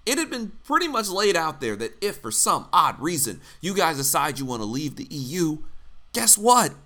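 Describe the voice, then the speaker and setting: A man's voice: a little high, sing-song, normal speed, sharp tone. A man from the United States giving blunt, sarcastic political commentary, swearing freely. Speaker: commentary host.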